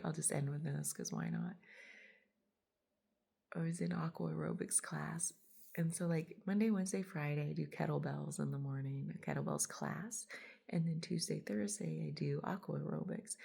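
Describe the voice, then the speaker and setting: A woman's voice: low-pitched, vocal fry, warm tone, breathy edge. A woman in her late forties, a body worker, telling a chatty, laughing story in a casual monologue and acting out the lines people said. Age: 40s. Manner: chatty, laughs often, acts out quoted lines. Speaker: body worker and podcast host.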